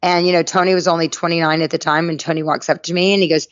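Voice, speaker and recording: A middle-aged woman from North Carolina, a podcast guest telling her life story in a lively way and acting out the people in it. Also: lowish voice, racing, hardly any pauses, dry recording, muffled recording. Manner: lively anecdotal storyteller, acts out quoted voices. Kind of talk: storytelling interview.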